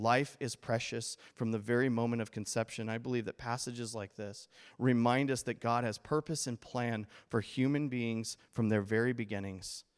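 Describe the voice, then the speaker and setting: A man preaching a sermon as pastor, animated and playful, acting out the voices he quotes with humor. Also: mid-range voice, clean tone, long reverb tail.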